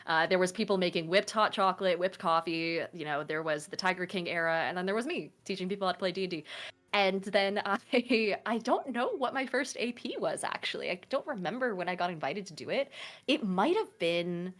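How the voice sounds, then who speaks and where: A woman's voice: fairly low pitch, a little fast, fairly bright tone. A woman in her twenties from Oregon, chatting casually as a guest about running tabletop games, with lots of fillers and self-deprecating asides. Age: 20s. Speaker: guest, tabletop game master and streamer. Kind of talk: casual interview chat.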